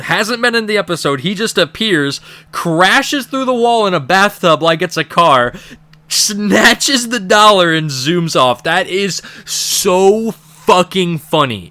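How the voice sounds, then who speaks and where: A man's voice: sits high, sharp tone, smooth, dry recording. A young man giving a casual, rambling and profane commentary as he ranks cartoon episodes. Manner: profane, rambling, laughing at jokes. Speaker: episode reviewer.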